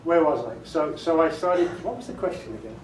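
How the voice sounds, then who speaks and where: A man's voice: on the high side, animated, a little fast, a little mellow. A middle-aged Englishman, a voiceover artist, telling jokey stories and answering questions at a meeting. His manner is chatty and he laughs often. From England. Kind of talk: storytelling talk with audience questions. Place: meeting room with an audience. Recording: roomy distant recording with background noise.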